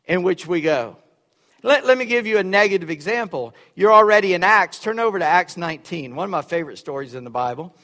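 A pastor with a fairly high voice preaches in a church, animated and brisk, swinging between loud, emphatic lines and quiet, wry asides. The large sanctuary's echoey hall adds long reverb.

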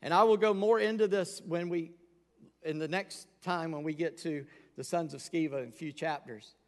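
A man's voice: a little high, moderate pace. A man preaching a sermon from the pulpit, candid and emphatic. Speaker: pastor. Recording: long hall reverb.

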